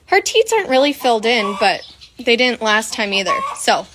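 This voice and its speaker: A woman's voice: on the high side, very animated, normal speed, noisy background. Chatty woman filming a farm vlog. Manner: chatty and hopeful, explaining things to viewers. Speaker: farm vlogger. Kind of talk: casual explanatory vlog narration. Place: farm barn and pasture, outdoors.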